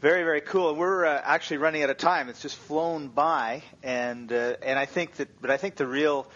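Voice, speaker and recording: A man hosting a podcast, chatting in a relaxed, conversational way. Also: a little high, moderate pace. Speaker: host. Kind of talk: casual interview chat. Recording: dull lo-fi sound.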